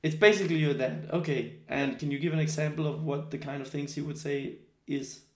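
A man who is not a native English speaker leads a group workshop. He talks haltingly, thinking aloud with many fillers. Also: a little high, fairly even intonation. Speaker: workshop leader. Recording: echoey room.

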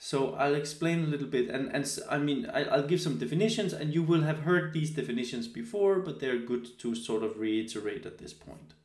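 A man in his thirties giving a relaxed spoken lecture, often hesitating with fillers and restarts. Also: mid-range voice, a little fast, few pauses, echoey room. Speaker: teacher.

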